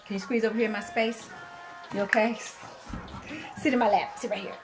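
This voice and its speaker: A woman's voice: on the high side, fairly even intonation, normal speed, over music. A woman in her fifties hosting a casual livestream, chatting straight to her viewers as a relationship speaker.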